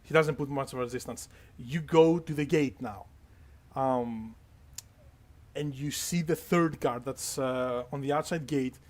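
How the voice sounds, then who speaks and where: A man's voice: medium pitch, a little slow, darkish tone. A man narrating as game master, rambling through details with many fillers and asides.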